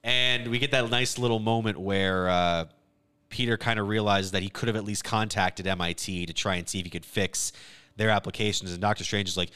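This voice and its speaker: A man co-hosting a casual podcast, retelling a film plot in an animated way with quick quoted lines. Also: fairly low pitch, clean tone. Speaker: podcast co-host. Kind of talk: casual movie recap chat.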